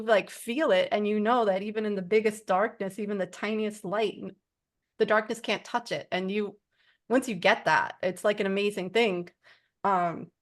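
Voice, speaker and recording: A woman's voice: mid-range voice, fairly bright tone. A woman sharing spiritual experiences in a casual group conversation, rambling earnestly with many "like" fillers. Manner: rambling, heavy use of "like" fillers. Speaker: support group member.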